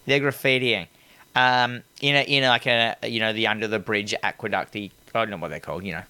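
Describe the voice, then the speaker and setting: A man talking films in an easygoing, rambling way, with a smooth, clear voice. He swears freely and acts out bits of the scenes he describes. The recording is dry and close. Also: fairly low pitch, fairly even intonation, a little fast, pushed and bright, dry recording. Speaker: podcast co-host reviewing a film. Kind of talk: casual chat.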